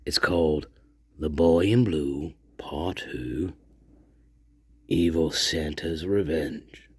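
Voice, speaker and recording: A man's voice: very deep voice, moderate pace, breathy edge, no echo, clean studio sound, exaggerated voice. A man playing a foul-mouthed ghost radio host who rants, boasts and stammers with profanity. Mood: rambling. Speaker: channel host. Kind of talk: comedic character monologue.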